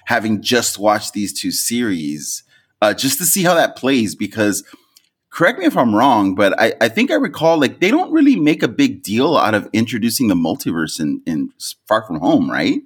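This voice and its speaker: A man with a fairly low voice co-hosts a podcast in easy casual chat. He rambles, backs up to correct himself and leans on fillers as he works through his thoughts. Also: sing-song, normal speed, husky. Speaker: podcast co-host.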